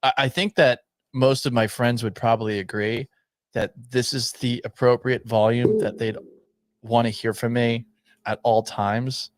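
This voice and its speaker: A man hosts a sports radio show while nursing a sore, swollen throat. He talks low and subdued, almost monotone, with dry humor. The studio sound is close and dry, with a mid-pitched voice. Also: unhurried, dry recording. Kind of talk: sports talk radio monologue.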